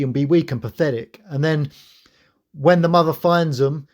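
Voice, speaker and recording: A man's voice: fairly high pitch, moderate pace. A man hosting his own channel, giving an earnest, preachy spiritual monologue to camera. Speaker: channel host.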